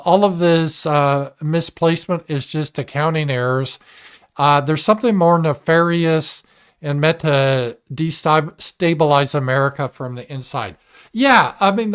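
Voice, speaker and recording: A male livestream host talking in a slightly high voice, in a loose, blunt commentary monologue. He swears freely and reads viewer messages aloud between remarks. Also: a bit bright, clear, resonant tone. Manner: blunt and profane, mimics opponents in mocking voices. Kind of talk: casual political commentary monologue.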